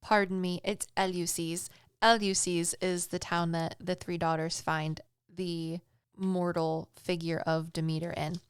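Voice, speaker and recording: A young adult woman hosts a podcast and retells an old myth in a chatty, slangy, playful way. Her voice is very clear and smooth, and the sound is close and dry. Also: on the low side, level tone, unhurried, no echo. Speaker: podcast host.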